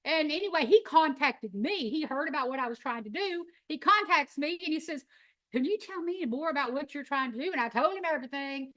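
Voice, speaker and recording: A middle-aged woman, telling her story in an animated, folksy, emphatic way. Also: sits high, brisk. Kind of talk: storytelling talk.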